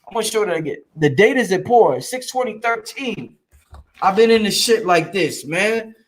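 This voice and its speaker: A Brooklyn man with a high-sitting voice hosts a casual livestream at a moderate pace, chatting loosely and profanely as he reads and replies to viewer messages. He's animated and streetwise, talking straight to his audience.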